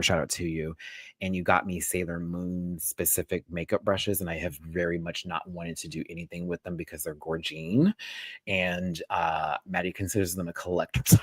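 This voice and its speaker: A man's voice: sits low, no echo, rough recording. A young man hosting a casual live review, dramatic and swearing, acting out what people said with lots of laughter. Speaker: host reviewing a reality show.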